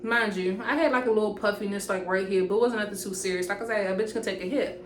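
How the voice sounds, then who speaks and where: A young woman, casually telling an animated, profane storytime to camera. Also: mid-range voice, quick pace. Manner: animated, profane, jumps into quoted voices. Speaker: storytime vlogger. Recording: roomy echoey room with faint hiss.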